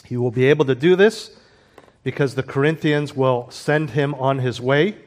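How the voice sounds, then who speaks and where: A man preaching a sermon, earnest, building emphasis on key points and dropping to quiet explanatory asides. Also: mid-range voice, moderate pace. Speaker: pastor.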